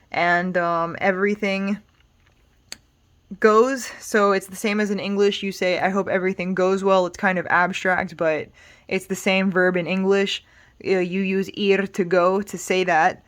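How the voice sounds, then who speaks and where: A woman teaching Spanish grammar in a relaxed, explanatory way, patient and reassuring, thinking aloud with small fillers. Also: medium pitch. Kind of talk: casual explanatory lesson.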